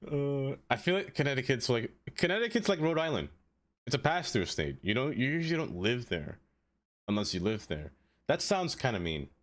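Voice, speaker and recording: A man's voice: medium pitch, big pitch swings, normal speed. A man streaming live in casual chat, rambling and answering viewers by name, with lots of "like" fillers. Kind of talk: casual live-stream chat while playing a city-building game.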